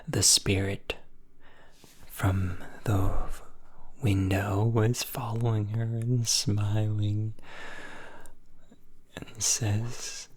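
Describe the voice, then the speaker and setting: A man telling a story in a slow, breathy ASMR whisper. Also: on the low side, little pitch movement, darkish tone.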